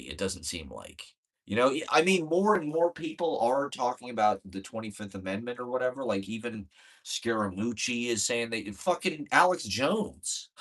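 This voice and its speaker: A man's voice: lowish voice, fairly bright tone. A man in a casual political rant, profane, exasperated and rambling, with many fillers.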